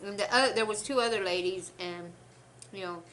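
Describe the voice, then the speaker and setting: Young woman eating and rambling, sharp bright voice, little faint noise behind. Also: mid-range voice, moderate pace. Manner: rambling storyteller, talks while eating. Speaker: mukbang host. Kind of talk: casual eating-show chat.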